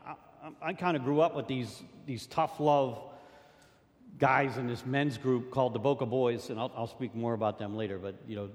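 A man's voice: medium pitch, moderate pace. A man sharing a personal story at a recovery meeting, rambling, repeating words and acting out what others said. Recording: long hall reverb.

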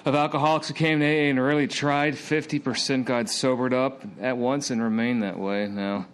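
Brisk man reading meeting announcements. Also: mid-range voice, fairly even intonation. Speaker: meeting secretary.

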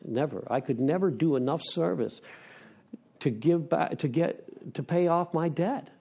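Middle-aged man, mellow tone, frank rambling recovery-meeting share with wry laughs. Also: on the high side, a little slow, creaky, a little hiss or hum. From Pennsylvania. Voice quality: rambling, with restarts and self-deprecating laughs. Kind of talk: candid personal share.

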